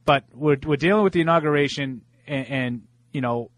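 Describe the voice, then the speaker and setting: A man's voice: on the high side, a little fast, dry recording. A man with a Boston accent co-hosting a sports radio show, chatty and self-deprecating, often repeating words as he thinks. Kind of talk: casual sports talk.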